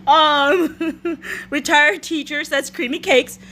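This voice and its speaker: A woman's voice: sits high, fairly even intonation, slow pace, pushed and bright. A woman hosting a casual live stream from her phone, laughing to tears while reading viewer comments aloud. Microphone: phone front camera.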